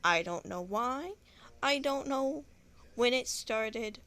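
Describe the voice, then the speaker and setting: A woman's voice: fairly high pitch, lively intonation, slow, fairly bright tone. A young woman with a Texan accent telling a long story in a rambling, profane, frank way. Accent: Southern US (Texan). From Texas. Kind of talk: casual storytelling monologue.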